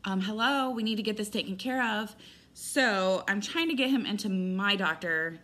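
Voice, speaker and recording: A woman's voice: mid-range voice, moderate pace, sharp tone. A middle-aged woman giving a rambling, candid personal update as a vlogger, retelling events with quoted dialogue.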